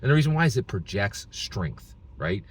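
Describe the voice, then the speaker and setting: A man's voice: fairly low pitch, sing-song, normal speed, husky. A man from Philadelphia giving casual political opinion commentary, emphatic, restarting phrases and tagging lines with "right?". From Philadelphia, United States.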